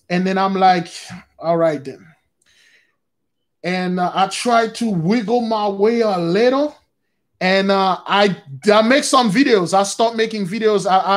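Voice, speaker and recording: A man giving a casual spoken testimony on his religious channel, rambling with many restarts and calling listeners brothers and sisters. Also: high-pitched. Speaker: religious YouTube channel host.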